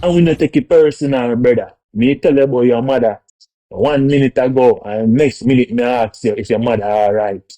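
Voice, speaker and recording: A man's voice: medium pitch, moderate pace, warm tone. A man from Jamaica in a casual rant, speaking Jamaican Patois in a laid-back way and often checking in with the listener. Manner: laid-back, keeps asking "you see me".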